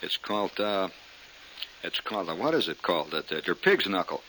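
A man's voice: deep voice, very animated, fairly quick, sharp tone, slight background noise, poor audio. A male comedian telling a rambling story full of fillers and restarts. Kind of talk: stand-up storytelling.

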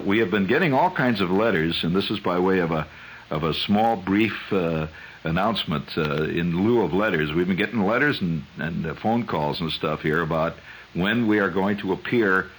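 A man hosting a radio show, spinning a rambling, chuckling monologue that climbs high when he gets worked up. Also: slight background noise, rough recording. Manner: digressive storyteller, chuckles often, voice climbs high when excited. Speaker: radio host.

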